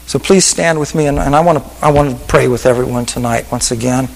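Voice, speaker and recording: A male pastor preaching a sermon with an altar call, telling stories in a voice that drops to hushed whispers and rises to emphatic peaks. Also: mid-range voice, fairly quick, creaky, long reverb tail, slight background noise, poor audio.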